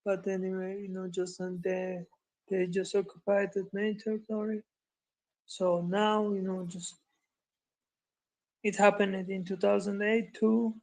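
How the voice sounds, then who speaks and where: A young man talks hesitantly and leans on the same fillers. His voice is high for a man, held in a narrow, flat range, with a gravelly fry underneath. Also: measured pace, long pauses. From Georgia. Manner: hesitant, filler-heavy, repeating "you know, just". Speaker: guest. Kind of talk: casual chat in an online audio room.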